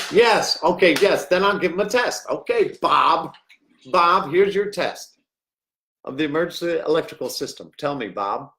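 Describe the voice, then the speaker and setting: A middle-aged man hosting a rambling livestream, jokey and swinging between loud outbursts and hushed asides. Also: mid-range voice. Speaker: livestream host.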